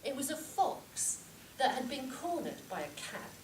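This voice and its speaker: Woman, comic speech-contest storyteller, lively pitch, miked from far in an echoey, noisy room. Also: a little slow. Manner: animated storytelling with shouted reenactments. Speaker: contest speaker. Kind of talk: humorous speech. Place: club meeting room with audience.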